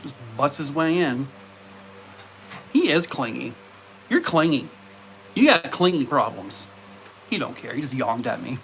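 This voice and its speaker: Lively, drawn-out man chatting with his dogs. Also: mid-range voice, a little hiss or hum. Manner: playful, scolding and baby-talking his dogs. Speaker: live streamer. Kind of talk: casual live stream chat. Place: home in Arizona.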